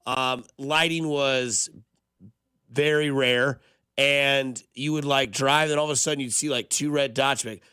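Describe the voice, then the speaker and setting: A man co-hosting a morning sports radio show, telling rambling stories quickly and excitedly. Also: medium pitch, clean tone, dry recording, studio quality. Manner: fast, excitable, rambling storyteller. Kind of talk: casual sports radio chat.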